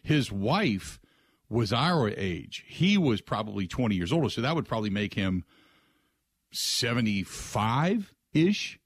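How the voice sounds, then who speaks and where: A middle-aged man hosting a radio show, telling a rambling story in a casual way, with restarts and lively quoted voices. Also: medium pitch, measured pace, husky, no room sound. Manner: rambling, restarts, animated when quoting others.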